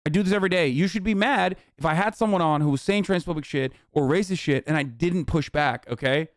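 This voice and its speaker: A man's voice: on the high side, quick pace, no echo, studio quality. A man hosting a livestream, reacting in casual, profane, heated commentary with a mocking edge. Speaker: streamer host.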